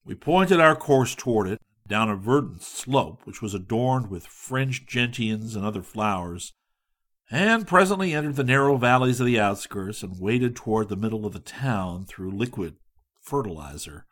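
A man reading a humorous travel story aloud in a measured, dry, wry storytelling manner. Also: on the low side, big pitch swings, fairly bright tone. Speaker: audiobook narrator. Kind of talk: scripted narration.

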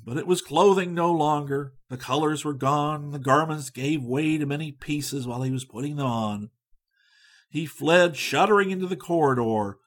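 A man narrating a storybook in an expressive, varied reading. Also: medium pitch.

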